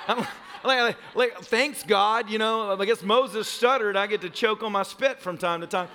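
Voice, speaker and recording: A man's voice: sits high, measured pace, bright, forceful tone, a little hiss or hum. A pastor in his thirties preaching a sermon, telling a story with laughter and a voice that cracks upward. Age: 30s.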